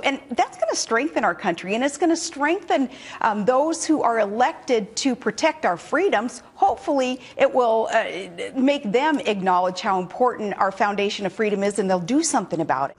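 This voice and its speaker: A woman's voice: on the high side, expressive, normal speed, breathy edge. A woman in her forties giving a television news interview, talking in a folksy, earnest way with many restarts and fillers. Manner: folksy, earnest speech-making. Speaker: political guest on a cable news show.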